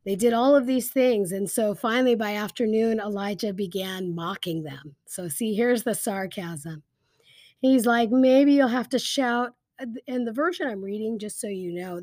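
A woman's voice: mid-range voice, no echo, clean studio sound. Woman retelling a Bible story casually. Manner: lively storytelling with fillers like "um" and "like". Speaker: Bible teacher.

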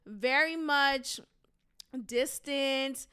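A woman hosting a solo commentary podcast, talking in an animated, sassy way with mocking rhetorical questions and frequent laughter. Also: high voice, very slow. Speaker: podcast host.

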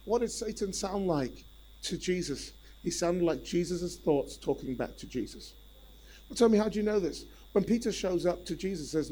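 A male preacher giving a sermon in an animated, repetitive way and calling out to the congregation. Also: sits high, moderate pace, poor audio.

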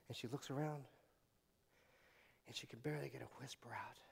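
A man's voice: medium pitch, brisk, vocal fry, long pauses, husky, in a large hall. A man preaching a sermon as pastor, retelling scenes dramatically and leading the congregation in repeating scripture. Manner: dramatic retelling with swings from loud to hushed; leads congregation in call-and-response repetition.

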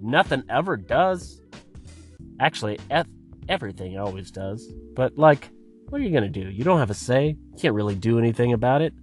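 A man's voice: mid-range voice, sing-song, brisk, soft background music. A man hosting a podcast, delivering a profane comedic rant in an exasperated, swearing manner. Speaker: podcast host.

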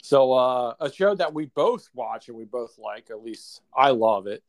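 A man chatting casually as a podcast co-host, his pitch sitting in an ordinary middle range. He rambles, stopping and restarting his sentences and filling the gaps with "like" and "uh.". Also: lively intonation, unhurried, no echo. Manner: rambling, many fillers and restarts. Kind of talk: casual chat.

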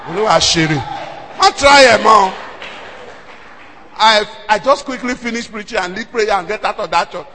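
A man with a Nigerian accent preaching a sermon, telling stories in an animated way that swings from hushed asides to shouts. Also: sits high, normal speed, long pauses, long reverb tail, a little hiss or hum. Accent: Nigerian, Yoruba-speaking. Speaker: pastor.

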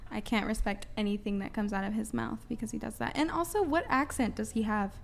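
Critical woman with a gravelly voice. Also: on the high side, brisk. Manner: critical, curious. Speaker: panel guest. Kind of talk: casual panel discussion.

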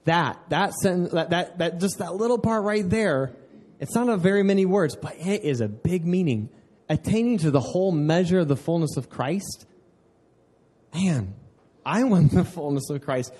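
Earnest conversational male pastor, mellow voice. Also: high voice, expressive. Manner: conversational and earnest, with repeated "man" and quick asides. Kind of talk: sermon.

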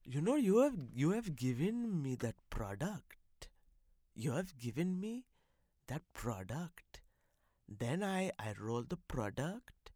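A man voicing a rambling, stoned middle-aged Indian man with a Gujarati accent who talks in slow, halting mumbles that drift toward a whisper. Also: fairly high pitch, very animated, dark tone, no room sound, heavily acted. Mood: confused. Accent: Gujarati-accented English. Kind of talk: comic sketch.

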